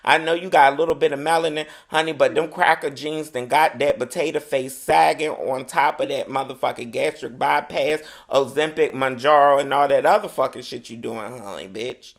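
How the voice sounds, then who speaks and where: A man's voice: mid-range voice, steady tone, moderate pace, creaky, hardly any pauses. A man co-hosting a podcast in casual chat, roasting people bluntly with heavy profanity. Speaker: podcast co-host.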